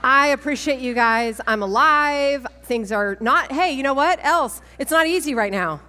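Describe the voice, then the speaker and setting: A woman gives a church testimony, animated and quick to laugh at herself. Her voice sits fairly high. It carries a long reverb from a large church hall. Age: 40s. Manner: animated, self-mocking, laughing often. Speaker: speaker at a women's church event. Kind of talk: sermon-style testimony talk.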